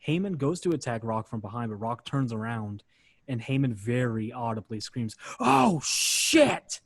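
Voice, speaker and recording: A man's voice: medium pitch, moderate pace, dry recording. A man hosting a podcast, casually narrating a match play by play with lots of "uh" fillers. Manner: relaxed, filler-heavy narration. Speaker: podcast host.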